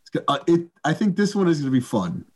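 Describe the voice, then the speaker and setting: A man co-hosting a podcast in casual chat, halting and restarting his sentences. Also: on the high side, sing-song, darkish tone. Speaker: podcast co-host.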